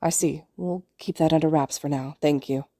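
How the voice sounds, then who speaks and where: A woman's voice: deep voice, fairly even intonation, moderate pace, dark tone, no echo, clean studio sound, pitched below the performer's own voice. A woman reading a cheerful male hero teacher. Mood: reassuring. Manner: friendly, reassuring.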